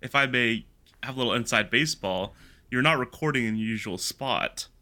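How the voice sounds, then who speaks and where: Bright-voiced chatty podcast host. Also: male voice, mid-range voice, a little fast. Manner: chatty, laughs easily. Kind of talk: casual chat.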